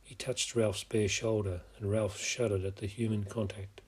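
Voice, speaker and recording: A man narrating a novel as an audiobook, in a measured, steady way. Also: fairly low pitch, slightly rough.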